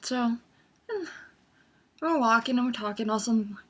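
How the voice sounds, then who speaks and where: A young woman vlogging in a casual, storytelling way, animated and acting out her own excitement as she recounts events. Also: fairly high pitch, normal speed.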